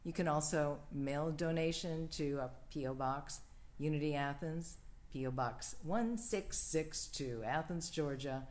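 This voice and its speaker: A woman minister with a low-sitting voice leads the offering and prayer on a church livestream, speaking in a slow, gentle, prayerful cadence.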